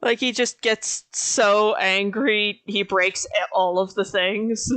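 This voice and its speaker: Streamer lady, slow chatty talk, smooth voice, dry close mic, laughs a lot. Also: mid-range voice, no echo. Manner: laughs often, relaxed and chatty. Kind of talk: casual stream chat.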